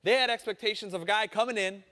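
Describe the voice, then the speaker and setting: A man preaching a sermon, telling a story with animated quoted voices. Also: high-pitched, quick pace, long reverb tail. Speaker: pastor.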